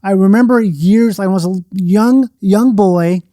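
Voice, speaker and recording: High-voiced, rambling, jokey man. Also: normal speed, dark tone, dry recording, studio quality. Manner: rambling, jokey, self-mocking. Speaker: podcast guest. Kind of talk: casual chat.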